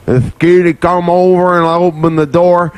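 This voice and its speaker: A man putting on a gruff, crude guy who rambles and curses in a slurred drawl. His voice sits a touch above an average man's. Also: high voice, level tone, moderate pace, dry recording, lightly acted. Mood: blustering. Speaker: caller doing an impression.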